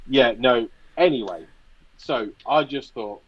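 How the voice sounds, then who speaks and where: A man's voice: mid-range voice, normal speed, breathy edge, dull audio. A man co-hosting a podcast in casual chat, telling stories and acting out what he thought at the time. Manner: storytelling, acts out what he thought. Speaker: podcast co-host.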